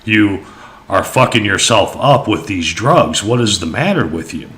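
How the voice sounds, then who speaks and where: A stern old spirit man who lectures bluntly and swears as he warns, as a man retells it. The voice sits very low but rings bright and forceful. It is delivered as part of a spoken ghost story. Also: animated, a little slow. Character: stern old male spirit giving warnings.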